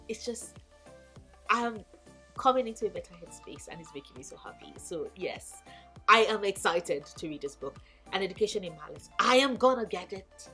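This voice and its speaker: A woman chatting casually in a vlog, animated and gushing, swearing freely. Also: lowish voice, a little fast, over music. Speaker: book YouTuber. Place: home in Lagos.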